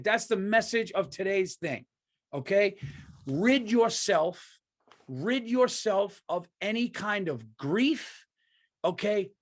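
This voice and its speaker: A man hosting a comedy podcast, delivering a heated, profane and emphatic rant. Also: fairly high pitch. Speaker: podcast host.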